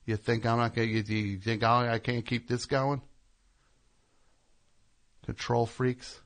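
A man's voice: mid-range voice, flat delivery, unhurried. A man hosting a show, telling a rambling, sarcastic, indignant story as a comedic rant. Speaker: host.

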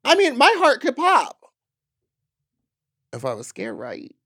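A woman's voice: sits high, wildly swooping pitch, takes it slowly, a bit bright. A woman from Texas, co-hosting a casual chat with crude jokes. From Katy, Texas. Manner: crude joking, swooping delivery. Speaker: podcast co-host.

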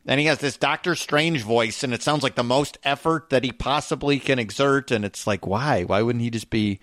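A man co-hosting a casual podcast chat, rambling and animated, with many restarts. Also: medium pitch, normal speed, no echo, studio quality. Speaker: podcast co-host.

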